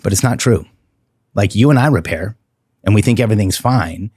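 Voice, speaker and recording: A middle-aged man speaks as a podcast guest in a low, husky voice, earnest and heartfelt. He slows down to press on the words that matter. The sound is close and dry, with no room around it. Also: animated, darkish tone, no room sound. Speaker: podcast guest, relationship coach. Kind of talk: candid interview talk.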